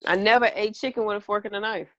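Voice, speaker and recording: A woman's voice: medium pitch, steady tone, fast, bright, forceful tone, muffled recording. Blunt, laid-back woman co-host. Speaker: podcast co-host. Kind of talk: casual chat.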